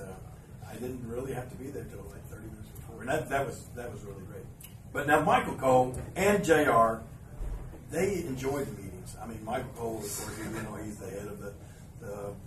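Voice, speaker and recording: A man hosting a podcast before a live audience, telling a long anecdote in a rambling way with many restarts and asides. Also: lowish voice. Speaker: podcast host. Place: live event venue. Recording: roomy live venue, mic at a distance, background noise.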